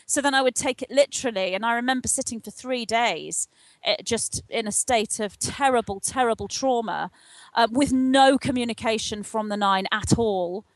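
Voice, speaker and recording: An older woman with a fairly high voice tells her story in an earnest, animated way, slipping into the voices of the people in it. The sound is dry and close, with almost no room. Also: dry recording. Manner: earnest, animated retelling with acted-out dialogue. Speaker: guest, spiritual channel. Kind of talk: interview, personal storytelling.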